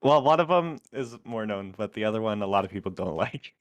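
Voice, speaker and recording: A man's voice: fairly low pitch, lively intonation, fairly quick, no room sound. A man co-hosting a podcast, chatting casually in a teasing way. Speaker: podcast co-host. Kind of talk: casual chat.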